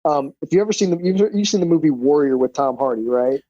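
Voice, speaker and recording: A man as a podcast guest, telling stories casually in an animated, profane way, full of fillers. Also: fairly high pitch, fast talker, no room sound, dull audio. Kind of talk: casual storytelling.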